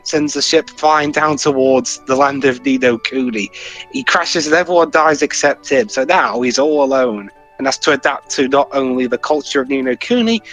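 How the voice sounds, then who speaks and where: A man's voice: fairly high pitch, a bit bright. A man in casual gaming chat, joking and rambling through theories.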